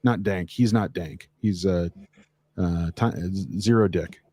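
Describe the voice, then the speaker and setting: Low-pitched jokey male co-host, dry close sound, loose rambling delivery. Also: takes it slowly, dark tone, no room sound. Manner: rambling, joking. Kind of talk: live-stream chat.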